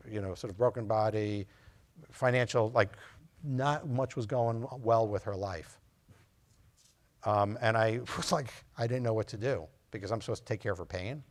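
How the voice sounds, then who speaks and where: A physician giving a conversational lecture to nurse practitioners, loose and anecdotal, acting out his talks with patients. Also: lowish voice. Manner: loose and anecdotal, full of fillers, acts out patient dialogue.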